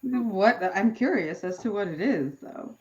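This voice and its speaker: A woman player in a tabletop game, chatting in a curious, animated way. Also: medium pitch, a little slow. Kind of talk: casual tabletop game chat. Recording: dull lo-fi mic audio.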